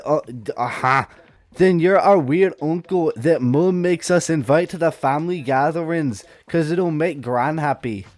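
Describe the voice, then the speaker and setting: A man voicing a brash, foul-mouthed Scottish woman wrestler in a put-on Scottish accent, loud and mocking. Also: a little high, no echo, close to an everyday voice.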